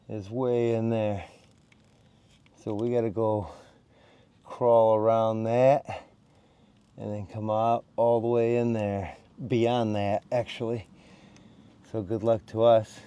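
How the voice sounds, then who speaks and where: The audio is dull, carrying a lowish male voice with a dark yet clean tone. He's a DIY vlogger narrating from a tight crawl space, chatting and cracking jokes for viewers while out of breath from the labor.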